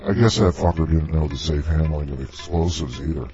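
A man's voice: very deep voice, fairly quick, warm tone. A man narrating a first-person story in a dry, sardonic way. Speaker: story contributor. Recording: dull lo-fi recording with clear music.

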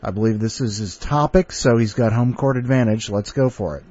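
A man's voice: on the low side, fairly quick, dark tone, no room sound, dull audio. A man hosting a podcast, chatty, laughing often and stumbling over fillers as he introduces contributors. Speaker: podcast host.

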